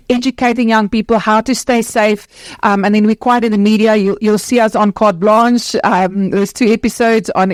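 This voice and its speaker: A woman's voice: fairly high pitch, no echo. Passionate woman speaker. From South Africa. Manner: passionate, earnest, quick bursts with restarts. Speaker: founder of an anti-trafficking charity, panel speaker. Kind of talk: conference talk on stage. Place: conference stage.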